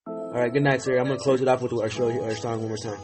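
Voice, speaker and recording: A man's voice: mid-range voice, level tone, quick pace, darkish tone, faint music behind. A man hosting a podcast, chatting loosely and joking with a friend. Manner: loose, joking, affectionate banter with swearing. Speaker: podcast host. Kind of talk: casual chat.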